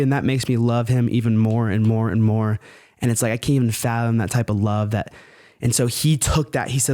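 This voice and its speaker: A man's voice: medium pitch, fairly even intonation, brisk, mellow, no echo. Man, podcast guest, earnest and fervent, casual, dry close sound. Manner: earnest and fervent, peppered with "bro".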